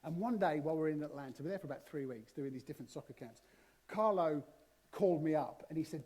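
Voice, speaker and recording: A man, preaching a sermon in a church, telling stories with lively swings between loud and soft. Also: a little high, fast. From southern England. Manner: animated storytelling, shifting loud and soft. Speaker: guest preacher.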